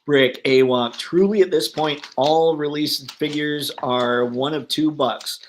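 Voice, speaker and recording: A man hosting a casual livestream, reading viewer comments aloud and riffing on them, thinking out loud as he browses online listings. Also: fairly high pitch, steady tone, takes it slowly, slight background noise. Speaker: livestream host. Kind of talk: casual live chat.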